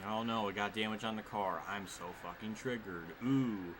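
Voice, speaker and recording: A man's voice: on the low side, normal speed. A man streaming a racing game at his desk at home, giving live commentary full of exasperated, swearing outbursts. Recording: steady background noise.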